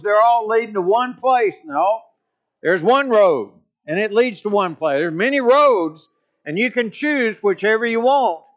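A man preaching a sermon, leaning hard on key points and pushing his voice up to stress them. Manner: emphatic, with pitch rising on key points. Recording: dull lo-fi recording.

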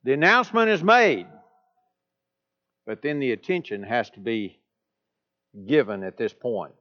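A man's voice: expressive, a little slow. A man preaching a sermon, leaning hard on key points and pushing his voice up to stress them. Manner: emphatic, with pitch rising on key points. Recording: dull lo-fi recording.

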